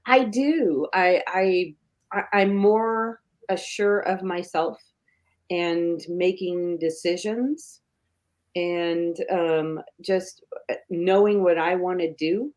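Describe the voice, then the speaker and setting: Slow, hesitant older woman guest. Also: lowish voice, a little mellow. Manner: hesitant, halting, with restarts. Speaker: podcast guest. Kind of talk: casual podcast conversation.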